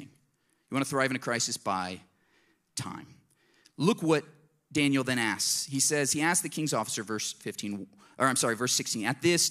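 A male pastor preaching with animated, conversational energy. He shifts between punchy, raised lines and quiet, confiding asides, often acting out small exchanges as he goes. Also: medium pitch. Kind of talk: sermon.

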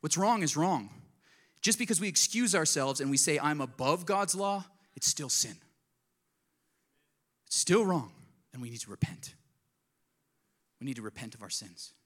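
A man's voice: on the high side, lively intonation, normal speed, pauses often, fairly bright tone. A man preaching a sermon to his congregation, earnest and conversational, often asking them direct questions. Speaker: pastor.

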